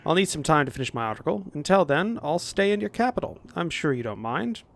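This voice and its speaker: A man's voice: a little high, very animated, fast, vocal fry. A man voicing a smug, self-important male writer in a video game, in his own voice.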